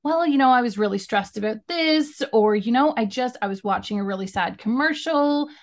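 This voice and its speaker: A woman's voice: fairly high pitch, expressive, normal speed. A woman hosting a podcast interview, chatting and telling anecdotes, acting out small back-and-forth exchanges as she goes. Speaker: podcast host and tutor.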